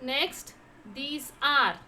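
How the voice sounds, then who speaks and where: Slow, high-voiced woman teaching vocabulary. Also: pushed and bright, a little hiss or hum. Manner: repeats each word several times, asks herself "how to pronounce?". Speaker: French teacher. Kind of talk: slow vocabulary lesson with repetition.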